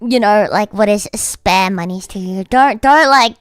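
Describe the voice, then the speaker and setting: A woman livestreaming in casual chat, rambling with lots of fillers and breaking into high-pitched laughter. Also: measured pace, few pauses, clean tone, no echo, faint music behind. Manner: rambling, heavy use of "like".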